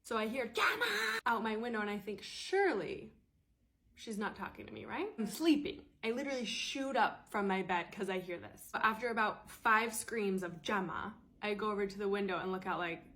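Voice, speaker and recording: Exasperated woman telling a story. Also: mid-range voice. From United States. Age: late 20s. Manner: animated, exasperated, quick retelling. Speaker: storyteller vlogger. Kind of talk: casual storytime.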